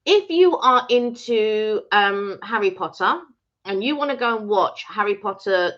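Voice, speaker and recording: A woman's voice: mid-range voice, expressive, a little slow, a bit bright. A woman co-hosting a casual live chat from home, chatty as she greets viewers and adds asides. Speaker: co-host of a live chat stream. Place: at home indoors. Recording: slightly dull lo-fi stream audio.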